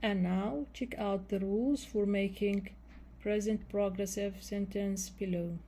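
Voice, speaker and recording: A woman's voice: mid-range voice, steady tone, unhurried, dark tone. A woman teaching English grammar, spelling out word endings letter by letter and repeating key phrases, with some non-native phrasing. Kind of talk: slow explanation of grammar rules.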